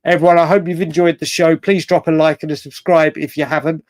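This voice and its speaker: Guy hosting a late night stream, rambly, laughs a lot, swears, fairly high voice, dry close sound. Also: little pitch movement, fairly quick, darkish tone, no room sound. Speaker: fan show host.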